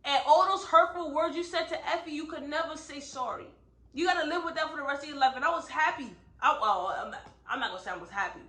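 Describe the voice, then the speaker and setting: A woman with a high, bright voice gives a casual book review to camera, leaning hard on "like" and tagging her points with "right?". Her voice rings around a noticeably echoey room. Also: fast. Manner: emphatic, heavy use of "like" and "right?".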